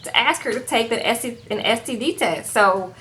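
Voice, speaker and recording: A woman's voice: a little high, moderate pace, slight background noise. A woman giving a casual reality TV recap in a chatty, sassy way, often tagging her lines with "okay?". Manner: acts out quotes in lively voices.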